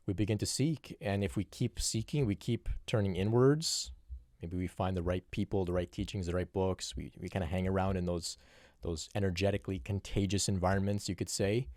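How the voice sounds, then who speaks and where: A man speaking as a spiritual teacher, answering a viewer's question in a reflective, unhurried monologue with frequent restarts. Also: sits low, darkish tone, dry recording, clean studio sound. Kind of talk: solo Q&A monologue.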